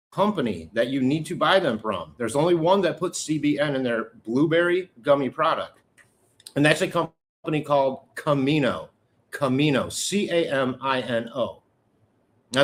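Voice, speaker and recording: A man's voice: fairly high pitch, a bit bright. A middle-aged man hosting a casual live chat with viewers, talking in a rambling, candid way with joking asides. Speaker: livestream host.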